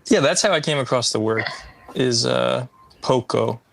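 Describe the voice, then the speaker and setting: A man's voice: mid-range voice, lively intonation, normal speed, creaky, fairly bright tone. A man hosting a podcast interview, asking curious, brief questions in a casual tone. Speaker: podcast host.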